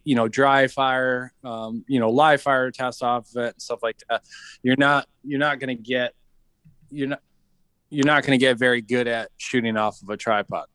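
A man's voice: medium pitch, dry recording. A man telling stories in a casual podcast chat, acting out the people he quotes. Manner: animated storyteller, acts out quoted voices. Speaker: podcast guest, veteran entrepreneur.

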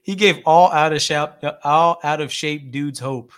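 Podcast co-host, male, slightly higher pitch, crude and quick to laugh. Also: smooth. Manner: profane, laughs loudly. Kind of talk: casual chat.

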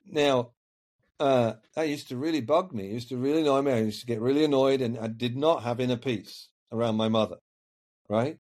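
A man's voice: medium pitch, fairly quick, a little mellow. A man talking as a coaching guest on a podcast, earnest and reflective, often repeating words while he finds his point. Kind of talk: podcast conversation.

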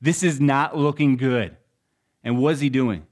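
A young adult man preaching a sermon, telling the story with shifts between loud and hushed delivery. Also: mid-range voice, unhurried. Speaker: pastor.

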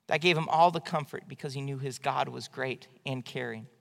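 A man's voice: mid-range voice, fairly quick, creaky, fairly bright tone. A male pastor preaching an evening church sermon in a conversational, emphatic way. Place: church sanctuary. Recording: long hall reverb.

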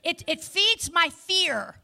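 A woman preaching a lively sermon to a live audience, with chatty asides to the listeners. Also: very high-pitched, slow pace, creaky.

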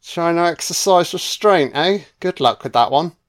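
A man's voice: on the high side, animated, moderate pace, voice pushed up, close to an everyday voice. A man doing a scornful, mocking male vampire. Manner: mocking, sweary.

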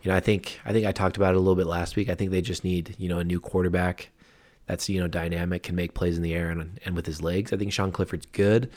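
Low-voiced man in casual sports chat. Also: flat delivery, fast, darkish tone. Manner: laid-back, hedging with many fillers. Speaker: podcast co-host.

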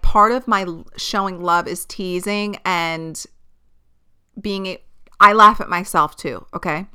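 Bright, chatty woman podcast host. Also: mid-range voice, smooth. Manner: chatty, swears a lot, laughs often, drops into a whisper. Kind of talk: casual solo podcast chat. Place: filmed at home while recording.

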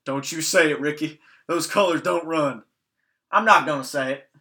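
A man's voice: fairly high pitch, normal speed, pushed and bright. A man acting as a stubborn, bigoted man who blusters defiantly. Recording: roomy echo.

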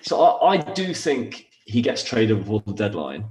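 A man's voice: on the low side, sing-song, normal speed, noisy background. A man co-hosting a casual sports podcast, opinionated and peppering his talk with fillers and restarts. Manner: opinionated, fills with "like" and "um", hedging restarts. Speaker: podcast co-host.

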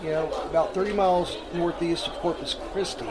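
High-voiced rambling man telling crude stories. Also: steady tone, fairly quick, very noisy. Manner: rambling, crude, laughs through his stories. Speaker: podcast host. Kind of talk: casual profane storytelling.

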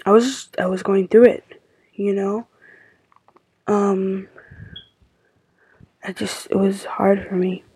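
A woman's voice: medium pitch, fairly even intonation, slow, pauses often, dark tone, breathy edge, no echo, low-quality recording. A woman hosting a casual confessional podcast, rambling with lots of filler words and sometimes dropping almost to a whisper. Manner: rambling, heavy use of "like" fillers; drops to a near-whisper at times. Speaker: podcast host.

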